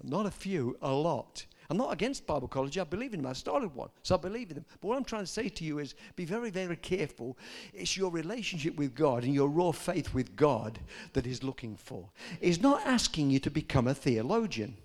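An older man preaching a sermon, telling stories and rising to loud, emphatic peaks. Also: fairly high pitch, big pitch swings, a little fast, few pauses. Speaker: pastor.

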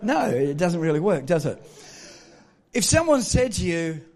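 A man preaching a sermon in church, deliberate and emphatic, building force on key phrases, with light humorous asides to the congregation. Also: high voice, sing-song, a little mellow. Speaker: pastor.

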